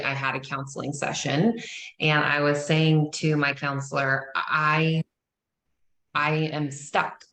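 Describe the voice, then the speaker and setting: A woman on a group call, sharing candidly and haltingly, with many pauses and fillers. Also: deep voice, fairly bright tone. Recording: echoey room.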